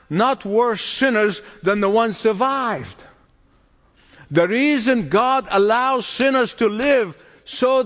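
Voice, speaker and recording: Man preaching in a big echoey church, high lively voice, slow and emphatic, chuckles a lot. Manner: emphatic preaching with frequent chuckles and repeated phrases. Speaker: pastor. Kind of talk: sermon.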